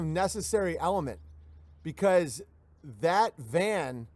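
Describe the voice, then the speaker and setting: Male livestream host, fairly high voice, dry close mic, sardonic rambling rants, jumps into mock voices. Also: expressive, normal speed, no echo. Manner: sardonic, acts out quoted voices mid-sentence. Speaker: livestream show host reading viewer messages. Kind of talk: rambling comedic rant.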